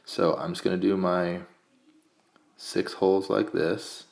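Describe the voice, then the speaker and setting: Very low-voiced man teaching math. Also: unhurried, vocal fry, echoey room. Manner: calm step-by-step explaining, counting aloud. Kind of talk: screencast math lesson.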